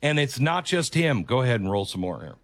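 A man's voice: medium pitch, very animated, a little fast, fairly bright tone, no room sound. A man hosting a commentary show, talking earnestly and emphatically and repeating his key phrases. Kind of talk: opinion commentary on a video clip.

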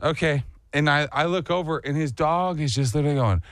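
A man's voice: fairly high pitch, a little fast, fairly bright tone, no room sound, studio quality. A young man co-hosting a morning radio show, animatedly telling a story and acting out sounds and voices.

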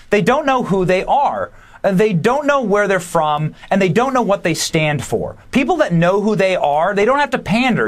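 A man appearing as a guest commentator, talking emphatically and rapidly in a preachy tone. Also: sits high. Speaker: guest podcaster. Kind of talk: political commentary.

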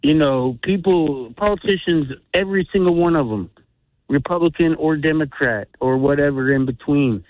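A man's voice: fairly high pitch, normal speed, no room sound. A man from Chicago calling in to a radio show, heard over a thin, tinny phone line with a dry, close sound. He rants bluntly, piles on fillers and keeps circling back to his point. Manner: blunt, ranting, heavy on fillers. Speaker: radio caller. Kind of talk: casual call-in talk.

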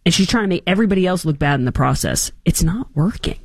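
A woman's voice: lowish voice, quick pace, no echo, studio quality. A woman hosting a commentary show, talking in an opinionated, mocking way and acting out quotes. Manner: animated, mocking, acts out quotes.

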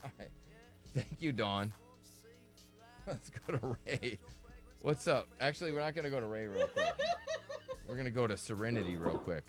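A man's voice: mid-range voice, wildly swooping pitch, normal speed, long pauses, music in the background. A man hosting a call-in radio show, teasing callers and laughing often. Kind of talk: joking call-in radio banter.

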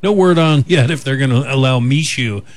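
A man's voice: mid-range voice, moderate pace. A man co-hosting a radio show, telling an odd news story in casual banter, chatty and joking with frequent fillers. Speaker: radio co-host. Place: radio studio.

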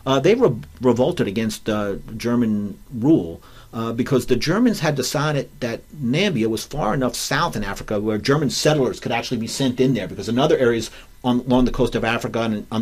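New jersey guy, history prof on a podcast, stops and restarts a lot, medium voice. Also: medium pitch. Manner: halting, many restarts while explaining. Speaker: history podcast co-host, professor. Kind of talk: casual scholarly discussion.

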